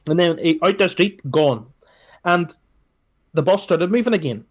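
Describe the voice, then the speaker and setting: A Scottish man tells a travel story on a casual podcast. His delivery is animated and full of restarts, and he swears freely. He keeps coming back to "let me tell you something" to build up to each punchline. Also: on the high side, unhurried. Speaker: podcast co-host.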